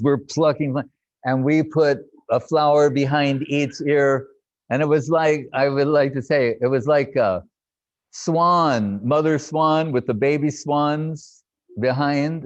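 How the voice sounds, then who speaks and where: An older man reminiscing in a lively storytelling talk, laughing and acting out what others said. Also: a little high, takes it slowly, no echo. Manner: animated, laughing, acts out quotes. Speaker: devotee recounting memories. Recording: dull lo-fi dry sound.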